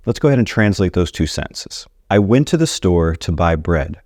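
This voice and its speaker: A man with a low voice gives a casual video lesson on Spanish grammar and talks straight to his viewers in a friendly, chatty way. The sound is dry and close, with no room in it. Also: very animated, normal speed, a little mellow, no echo. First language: English. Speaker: Spanish teacher.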